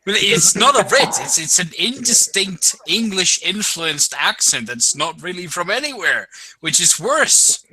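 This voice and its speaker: A man co-hosting a livestream, adding quick, wry remarks. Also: high voice, sing-song, sharp tone, slightly rough, rough recording. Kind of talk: casual livestream chat.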